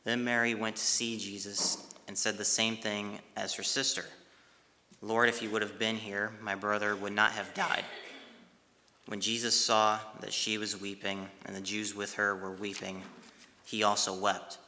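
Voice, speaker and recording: A man retelling a Bible passage and reflecting on it in a devotional talk, speaking haltingly with pauses and restarts. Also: on the low side, level tone, pushed and bright. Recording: long hall reverb.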